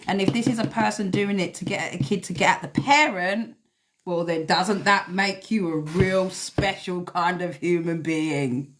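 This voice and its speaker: A woman's voice: on the low side, moderate pace, a little hiss or hum. A woman giving a blunt, emphatic live tarot reading, swearing freely as she talks to viewers. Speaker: tarot reader.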